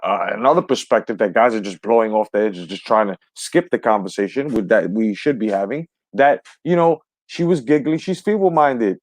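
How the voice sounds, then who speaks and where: A man's voice: on the low side, moderate pace, hardly any pauses. A man hosting a live stream from the United States, ranting with heavy profanity and greeting viewers in the chat. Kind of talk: heated live stream commentary.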